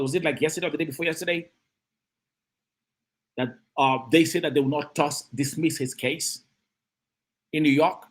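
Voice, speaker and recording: A man hosting a live-stream of political commentary, animated and emphatic, who repeats phrases and greets and reads out chat comments. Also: fairly high pitch.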